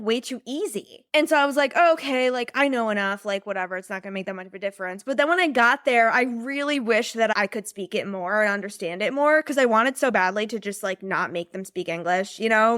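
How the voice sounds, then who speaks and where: Young woman host, bright-pitched, rambling casual chat, close dry mic. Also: no room sound. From United States. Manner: bubbly, rambling, lots of fillers and laughs. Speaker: podcast host and business mentor.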